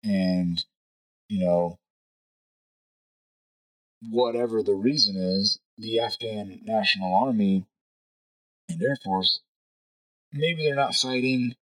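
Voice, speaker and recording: A man's voice: on the low side, slow pace, pauses often, fairly bright tone, low-quality recording. A man talking casually through his views in a rambling monologue, thinking aloud and checking in with "right?" as he goes. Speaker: podcast host.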